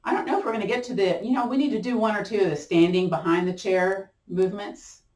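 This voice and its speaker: A woman's voice: medium pitch, fast talker, darkish tone, distant mic. Playful woman leading chair yoga. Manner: chatty, playful, encouraging, laughs often. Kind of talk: guided exercise class. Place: room at home. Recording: roomy sound from off-mic.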